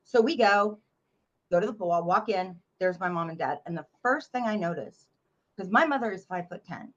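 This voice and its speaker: A woman from North Carolina, a memoir author guest telling a story in a blunt, animated way and swearing freely. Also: lowish voice, moderate pace, highs cut off. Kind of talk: casual interview storytelling.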